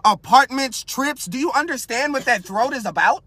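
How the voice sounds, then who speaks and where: Young male podcast host; crude, lively comic rant full of rhetorical questions; bright tone, dry sound. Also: very high voice, moderate pace, husky, no echo. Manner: crude, animated, keeps asking rhetorical questions. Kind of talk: casual comedic rant. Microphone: podcast mic.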